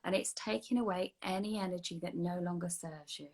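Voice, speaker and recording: A woman with a fairly low voice talks listeners through a guided meditation. She keeps a slow, soothing pace and now and then sinks into a hushed whisper. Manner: slow, soothing guiding voice that drops to a soft whisper. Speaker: energy healing practitioner. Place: online video session.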